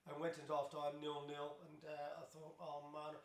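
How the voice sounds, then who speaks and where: A man's voice: fairly high pitch, completely flat delivery, normal speed. A man in his fifties with a Black Country accent from Tipton, telling rambling stories as a podcast guest, with lots of restarts and laughter. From Tipton, West Midlands of England. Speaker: guest, former footballer. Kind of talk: casual storytelling interview. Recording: roomy echo.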